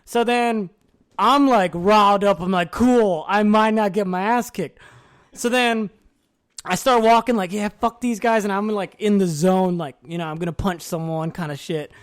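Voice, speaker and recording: A man's voice: high-pitched, normal speed, clean tone. A young man telling a barracks story in casual, profane chat, laughing often and acting out what people said. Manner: animated, profane, laughs often, acts out quoted lines. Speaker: podcast guest.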